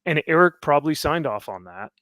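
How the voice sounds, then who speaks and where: A man's voice: fairly high pitch, expressive, a little fast, a bit bright, dry recording. A man on a casual panel podcast, talking through a theory at length. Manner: speculative, talks things through at length. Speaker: podcast co-host.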